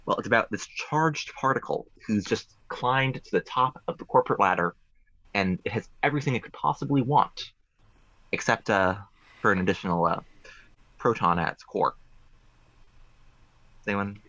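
A low-voiced man presents puzzles in a rambling, playfully deadpan way, his tone bright and forceful. He comes through a muffled, lo-fi remote call. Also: moderate pace, long pauses, dry recording. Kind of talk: joking puzzle game on a talk show.

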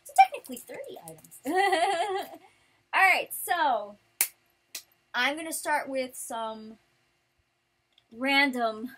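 A woman vlogger chatting casually while showing off her prize haul, rambling and breaking into animated outbursts. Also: high voice, slow, pauses often, husky. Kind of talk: casual chat.

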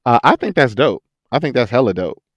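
A man who works as an actor and voice actor, chatting in a podcast interview, telling stories with lots of laughter and quick impressions. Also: medium pitch, dry recording. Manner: animated storyteller, laughs often, jumps into quoted voices. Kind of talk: casual interview chat.

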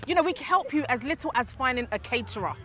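A woman's voice: high voice, lively intonation, fast talker, fairly bright tone. A woman hosting a casual conversation, chatty and full of conversational asides. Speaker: host.

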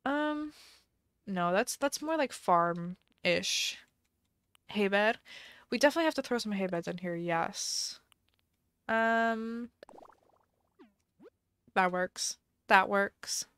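A woman's voice: medium pitch, expressive, slow pace, long pauses, a bit bright, clear, resonant tone, dry recording. A woman streamer chatting casually on a live game stream, thinking aloud and musing indecisively as she plays.

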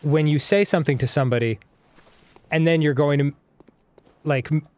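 A man co-hosting a casual gaming show, joking loudly and laughing often. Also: a little high, normal speed, no echo. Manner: goofy, laughs loudly, jokey voices. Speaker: co-host. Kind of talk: casual banter while gaming.

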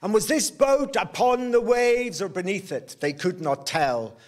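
A male storyteller unfolds an old tale in a slow, measured rhythm. His voice sits high for a man, and he lets each phrase land before the next. It is a live telling indoors at a workshop event. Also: darkish tone.

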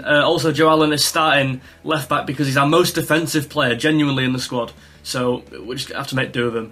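Young gaming creator, husky and a touch high, excitable live commentary, soft music bed. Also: male voice. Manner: excitable, swings between frustrated rants and yelling at shots. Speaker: gaming YouTuber. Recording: faint music behind.

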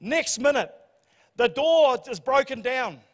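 A man preaching a sermon, telling the story in a humorous, animated way. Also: very high-pitched, takes it slowly. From New Zealand. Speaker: pastor. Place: church hall. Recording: church hall reverb.

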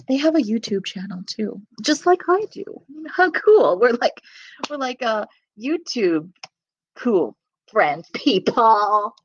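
A woman working as a children's librarian, bubbly and animated, hosting an online storytime and sharing announcements. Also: on the high side, dry recording, highs cut off.

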